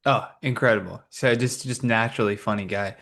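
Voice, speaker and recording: A man hosting a podcast interview, quick to laugh and chiming in with short agreements. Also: on the low side, steady tone, vocal fry, a bit bright. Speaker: podcast host. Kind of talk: casual interview chat.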